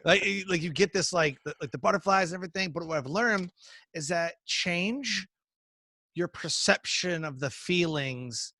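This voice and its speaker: Energetic male speaking coach, bright forceful tone, close dry sound, casual interview. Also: fairly high pitch, normal speed, dry recording. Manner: energetic, storytelling, acts out quoted dialogue.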